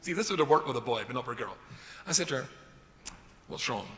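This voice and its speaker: Lively rabbi telling jokes. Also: male voice, medium pitch, very fast. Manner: jokey, self-deprecating, animated. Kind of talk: humorous lecture with storytelling. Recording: reverberant hall with faint noise.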